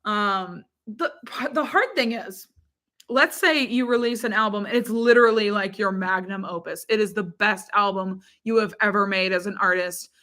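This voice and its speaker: A woman's voice: medium pitch, normal speed, pushed and bright. A woman chatting casually with viewers and reading their comments, bubbly and giggly, with lots of fillers. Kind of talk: casual chat.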